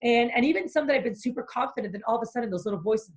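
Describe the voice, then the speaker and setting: A woman's voice: a little high, fast talker. A woman business coach being interviewed, talking energetically and acting out the inner voices of fear. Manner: animated, acts out inner voices.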